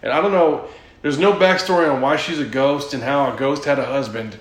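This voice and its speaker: A man's voice: medium pitch, fairly quick. Rambling, cursing man in an echoey room. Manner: profane, rambling storyteller who laughs often. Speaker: podcast host. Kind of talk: casual chat.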